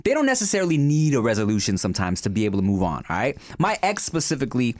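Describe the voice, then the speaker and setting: A man's voice: medium pitch, huge pitch swings, rapid-fire. A man co-hosting a casual podcast, blunt and teasing as he tells stories. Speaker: podcast co-host.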